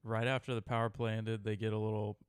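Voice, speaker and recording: A man co-hosting a sports talk show, calmly recapping a hockey goal in short phrases. His voice is low and smooth, and it sounds dry, with no room echo. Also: fast talker. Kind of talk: casual sports commentary.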